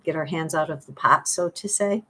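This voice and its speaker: A woman's voice: low-pitched, moderate pace, pushed and bright, slightly rough, low-quality recording. A middle-aged woman giving a spiritual card reading to her viewers, earnest and pleading, repeating her phrases.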